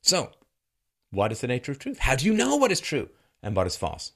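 Middle-aged guy ranting sarcastically into the camera, pitch jumping all over, normal man's pitch. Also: brisk. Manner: sardonic, mocking, with lively swings in pitch and bursts of laughter. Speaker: commentator. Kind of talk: monologue commentary.

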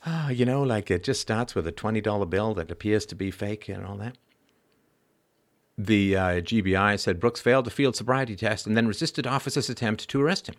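A man's voice: fairly low pitch, a little fast. A man hosting a commentary show, reading news reports aloud and breaking off into sarcastic, mocking asides. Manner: mocking, wry asides, swings from loud sarcasm to mumbled remarks. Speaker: podcast host.

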